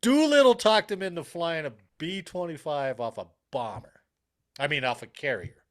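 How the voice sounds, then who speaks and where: A man's voice: a little high, normal speed. A man co-hosting a casual podcast chat, telling stories and acting out the voices of people he quotes. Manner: animated storyteller, acts out quoted voices. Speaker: podcast co-host.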